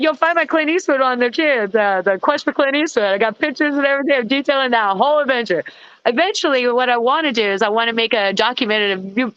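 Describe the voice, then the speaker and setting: A woman guest vocalist telling stories in a casual interview, animated and acting out the people in them. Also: on the high side, clear, resonant tone, no echo, highs cut off. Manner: animated, acts out voices in anecdotes.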